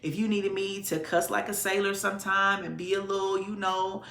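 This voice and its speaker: A woman's voice: level tone, normal speed, creaky, fairly bright tone, echoey room. A woman podcast host, possibly from Detroit, candidly telling a personal story in a conversational way. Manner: candid, conversational, with sudden pitch jumps to demonstrate voices.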